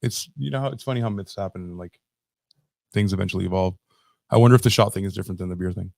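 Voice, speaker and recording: Joking, low-voiced man co-hosting a podcast. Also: fast talker, creaky, darkish tone, no echo. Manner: joking, profane, slips into silly voices. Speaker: podcast co-host. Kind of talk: casual chat.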